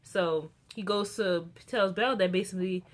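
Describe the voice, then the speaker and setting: This TV reviewer, a young woman, talks through an episode casually, full of false starts and filler words. She speaks at an ordinary pace in a mid-range voice, growing lively whenever the characters come up.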